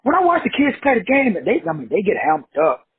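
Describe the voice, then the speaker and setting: A man's voice: high voice, huge pitch swings, fairly quick, husky. A man hosting a self-help show, giving a blunt, preachy motivational monologue that speaks straight to his listeners and swears freely. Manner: preachy, blunt and profane, addresses listeners directly. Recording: tinny phone-like dry audio.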